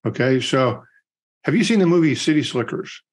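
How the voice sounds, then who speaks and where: A man's voice: mid-range voice, expressive, moderate pace. A middle-aged man co-hosting a podcast, chatting casually and telling long rambling anecdotes. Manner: rambling anecdotal storyteller with many fillers. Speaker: podcast co-host. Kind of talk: casual chat and storytelling.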